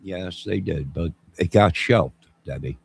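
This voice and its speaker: Man, fifties, very low voice, husky, rambling jokey stream host. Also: measured pace. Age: 50s. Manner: rambling, jokey, responds to chat. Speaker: channel host. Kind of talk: rambling live-stream chat.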